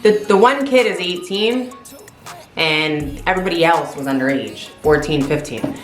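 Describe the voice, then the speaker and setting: A woman's voice: low voice, moderate pace. Woman vlogger telling a wild story, swears a lot, roomy room w/ faint music behind. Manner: animated, swears freely. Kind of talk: casual storytelling.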